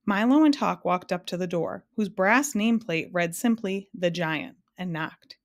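A woman reading a children's book aloud with lively, expressive narration. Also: mid-range voice, moderate pace. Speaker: storyteller.

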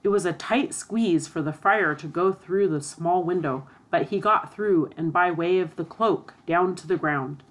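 A woman narrating a storybook aloud in a steady, expressive reading. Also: on the low side, unhurried, few pauses.

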